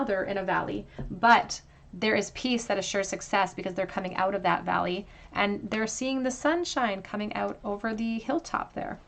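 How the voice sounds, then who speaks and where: A woman giving a pick-a-card tarot reading to viewers, talking gently and reassuringly and thinking aloud with frequent ums. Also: mid-range voice. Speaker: tarot reader.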